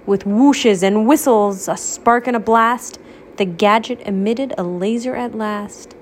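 A mother reading a rhyming picture book aloud to her child at home, gently explaining words. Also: on the high side, a little slow, a little hiss or hum.

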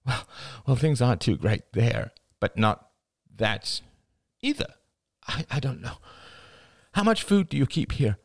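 A man reading an audiobook, voicing a flustered, frantic woman who talks in breathless, halting bursts. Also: mid-range voice, sing-song, gravelly, no room sound, studio quality, pitched above the performer's own voice, full character voice. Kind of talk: audiobook character voice.

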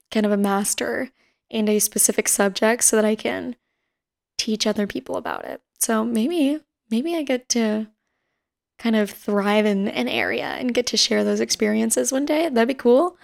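Her voice is a little high, a little slow and a little mellow, with vocal fry. This twenty-something podcast host rambles casually through stories, using lots of fillers and the occasional laugh.

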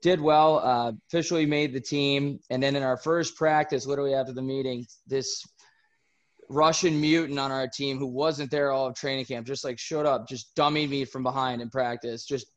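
A young man in his twenties, a former hockey player answering podcast questions in a relaxed, explaining way. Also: medium pitch, normal speed, muffled recording. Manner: relaxed, explanatory, run-on sentences. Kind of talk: casual interview answers.

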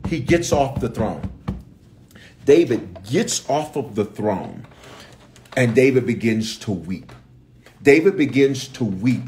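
Animated Memphis-accented preacher. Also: male voice, medium pitch, takes it slowly, pauses often, slight background noise. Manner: animated, slangy storytelling with asides to viewers. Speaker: bishop and pastor. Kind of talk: livestream Bible teaching.

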